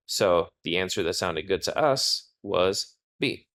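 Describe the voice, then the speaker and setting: A man's voice: sits low, lively intonation, slow pace, fairly bright tone. A man working as an SAT tutor, talking through test questions step by step in a test prep walkthrough. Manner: explanatory, talks through reasoning step by step.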